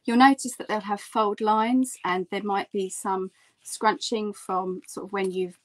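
Woman, mid pitch, friendly craft tutor, chatty and explaining step by step. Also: fairly even intonation, unhurried. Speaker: print artist teaching a workshop.

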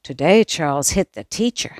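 A woman voicing a cheeky, boastful kindergarten boy who talks in an excited, taunting way. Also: sits low, moderate pace, no echo, studio quality. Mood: gleeful. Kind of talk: audiobook character voice.

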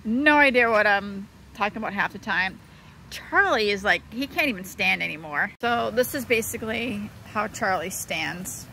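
Outside in the wind, this woman in her thirties, a vlogger and homeschooling mom, films a casual vlog and jumps between topics as she chats scattershot. Her mid-range voice is expressive, bright and pushed, moving at a normal speed.

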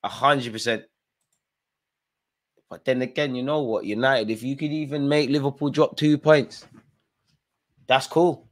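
A man hosting a live football watchalong, reacting loudly to the match with slangy banter and urging players on. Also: mid-range voice, a little slow, long pauses. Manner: excitable, shouts at players, slangy.

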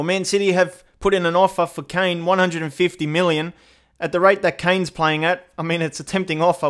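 A man giving casual, chatty commentary over his own football game, often exasperated and getting excited at big chances. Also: on the high side, smooth. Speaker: gaming YouTuber.

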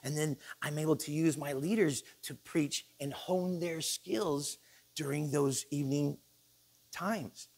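A male pastor preaching a sermon in a church, animated and joking, acting out the people he quotes. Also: fairly high pitch, a little slow, gravelly.

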